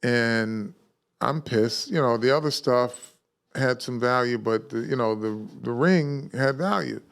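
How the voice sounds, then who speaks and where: Gravelly relaxed man telling a story. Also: medium pitch, measured pace. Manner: relaxed storyteller with frequent restarts. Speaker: podcast guest, former football player. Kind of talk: casual conversation.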